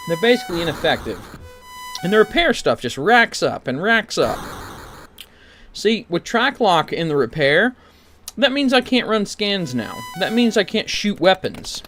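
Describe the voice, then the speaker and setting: Male streamer, slightly high and animated, wry sarcastic gameplay chatter over clear background music. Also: a little slow. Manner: rambling, wry, sarcastic asides. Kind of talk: casual gameplay commentary.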